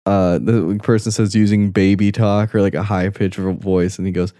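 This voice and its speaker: A man's voice: sits low, steady tone, normal speed, dark tone, no room sound, clean studio sound. A young man co-hosting a crude, casual podcast chat, laughing often and mocking posts he reads out. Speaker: podcast co-host.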